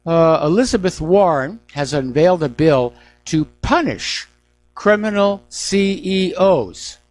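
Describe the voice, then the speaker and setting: A man's voice: a little high, expressive, slow, a little mellow, dry recording. A middle-aged man hosting a news talk radio show, giving emphatic, indignant opinions on the day's stories.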